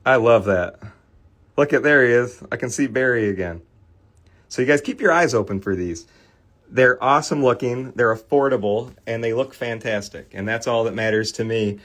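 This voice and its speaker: A man's voice: medium pitch, moderate pace, fairly bright tone. A middle-aged man hosting a casual card-cleaning livestream, rambling through a funny story and talking to his viewers. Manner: rambling storyteller, laughs often, chatty with viewers.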